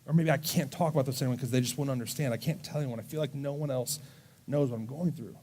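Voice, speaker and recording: A man preaching earnestly to a youth service, speaking gently and slowing down to read scripture aloud. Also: mid-range voice. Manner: earnest, gentle, slows down when reading scripture. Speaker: youth pastor. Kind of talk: sermon to a student audience. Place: church service.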